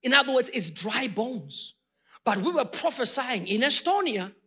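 A man preaching a sermon with passion, talking straight to his congregation and rising to shouted peaks. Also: extremely high pitch, big pitch swings, normal speed, slightly rough. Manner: addresses the congregation directly.

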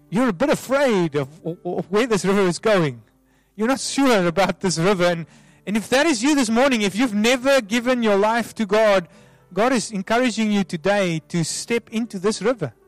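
A man as a pastor leading an altar call prayer, soft and pleading, repeating himself with many restarts. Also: sits high, normal speed, dry recording. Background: soft music.

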